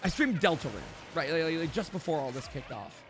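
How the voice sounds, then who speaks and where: Young streamer guy, pretty high voice, rambly story full of likes, soft music in the back. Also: expressive, brisk. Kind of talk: casual storytelling to stream chat.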